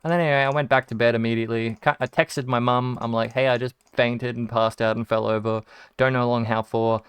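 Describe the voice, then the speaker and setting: A man's voice: mid-range voice, fairly even intonation, fairly quick, clear, resonant tone, dry recording. An Australian man, a gaming streamer, telling rambling stories while he plays, swearing casually and acting out what people said. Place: home room converted from a shed.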